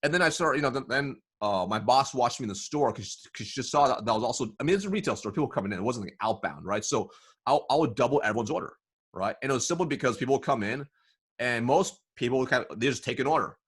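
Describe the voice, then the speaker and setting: A man being interviewed as a sales consultant, telling stories in a lively way, often saying "right?" and acting out bits of dialogue. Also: mid-range voice, fast, slightly rough. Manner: animated, says "right?" often, acts out dialogue. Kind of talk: casual interview storytelling.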